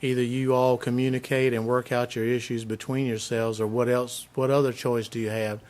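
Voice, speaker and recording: A man on a planning board answering a resident, measured and hesitant with frequent pauses. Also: medium pitch, level tone, a little mellow. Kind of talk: formal response at a public meeting. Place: county meeting room.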